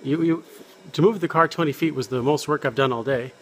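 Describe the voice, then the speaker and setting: Man, mid-pitch, casual hobbyist narrating repairs, light self-mockery; slight background noise. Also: fast. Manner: jokey, self-deprecating, talks while working. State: out of breath. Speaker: car hobbyist vlogger. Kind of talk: casual garage vlog. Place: home garage and driveway.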